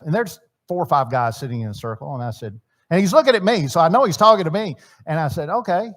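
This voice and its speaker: A man's voice: a little high, lively intonation, fast talker. A middle-aged man teaching at a church marriage seminar, talking conversationally and acting out bits of dialogue. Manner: conversational, acts out quoted dialogue, repeats words.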